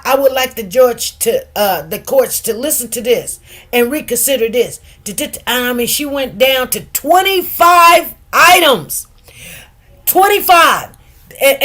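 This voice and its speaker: A woman hosting casual commentary, animated and gossipy, acting out what others said. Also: high-pitched. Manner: animated, gossipy, laughs often, acts out quotes. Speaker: news commentary host.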